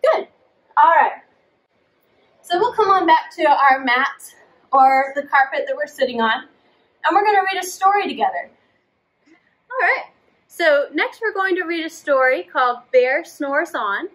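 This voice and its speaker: A woman's voice: high voice, a bit bright, poor audio. A woman leading a preschool storytime, reading a picture book aloud and coaxing the children to join in with playful sound effects.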